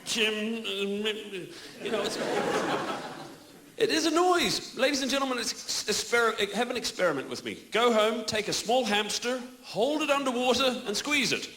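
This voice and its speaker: A man's voice: high voice, normal speed, few pauses. A man in his forties from New Zealand with a New Zealand accent, doing a stand-up comedy set on a club stage in a wry, mock-indignant way, chuckling at his own lines. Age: 40s. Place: comedy club stage before a live audience. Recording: echoey club room with audible noise.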